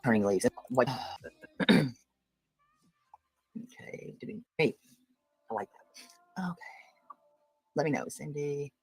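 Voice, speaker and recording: A woman's voice: a bass voice, animated, slow pace, gravelly, pauses often, a little mellow, husky, no room sound, low-quality recording. A woman hosting a casual livestream, greeting viewers by name and speaking bluntly and indignantly. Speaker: host of a livestream commentary show.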